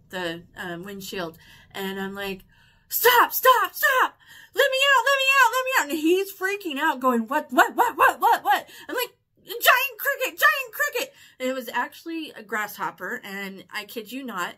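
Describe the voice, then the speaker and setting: Woman, casual vlog chat, excitable storyteller, somewhat high voice, sharp bright tone. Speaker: haul vlogger.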